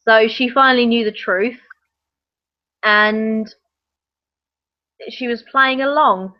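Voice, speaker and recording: An English woman joins over a video call, and her voice comes through dull and lo-fi. She sounds slightly high-pitched as she recaps the plot plainly, with the odd dry quip. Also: fairly even intonation, slow pace. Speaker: guest reviewer. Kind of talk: casual book discussion.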